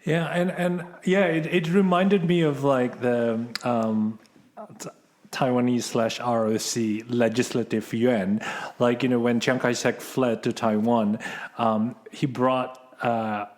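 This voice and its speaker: A man's voice: mid-range voice, steady tone, slow, darkish tone. Hesitant man on a podcast. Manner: hesitant, many ums and restarts. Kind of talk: casual podcast chat.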